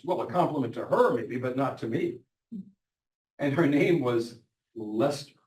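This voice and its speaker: A man's voice: medium pitch, normal speed. Older man, doctor telling stories, echoey room, heard from a distance. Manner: anecdotal, quoting patients in lively voices. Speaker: physician telling patient stories. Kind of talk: storytelling talk.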